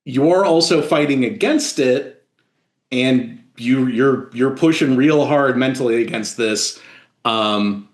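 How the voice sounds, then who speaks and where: Slow, halting male game master. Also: mid-range voice, roomy sound. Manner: halting, many fillers and restarts. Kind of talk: narrating a tabletop game.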